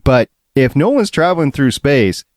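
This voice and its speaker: A man's voice: medium pitch, big pitch swings, moderate pace, dry recording, clean studio sound. A man co-hosting a fan podcast, chatting and explaining ideas at length. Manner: chatty, explaining, laughs often. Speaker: podcast co-host. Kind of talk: casual chat.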